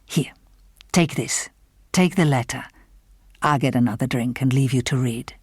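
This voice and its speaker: A woman reading the part of a haunted, secretive middle-aged man in an audiobook, speaking in a slow, hushed whisper. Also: very deep voice, husky, no echo, studio quality, full character voice. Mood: hushed, uneasy.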